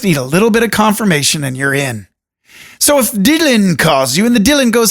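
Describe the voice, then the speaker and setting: A man hosting a solo podcast, talking alone into a studio microphone in a deliberate radio voice with jokey, rambling asides. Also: sits high, very animated, vocal fry, fairly bright tone. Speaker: podcast host. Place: room alone.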